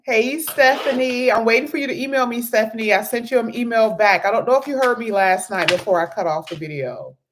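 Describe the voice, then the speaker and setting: Freshly woken woman reading tarot live. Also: medium pitch. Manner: chatty, greets viewers by name. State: just woke up, voice low. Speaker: tarot reader.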